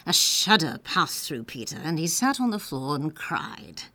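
A woman narrating a children's story in a playful, expressive reading. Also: low-pitched, measured pace, dry recording.

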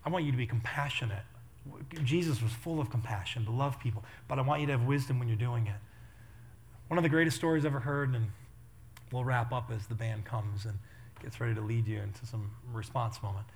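A man preaching a sermon as pastor, telling stories in an animated way that builds to loud intensity. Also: mid-range voice, brisk, a little hiss or hum.

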